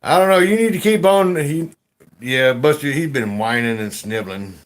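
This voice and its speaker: A man hosting a casual gold panning chat, rambling in a slow, folksy drawl with slangy grammar, laughing often while drinking beer. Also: medium pitch. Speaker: gold panning channel host.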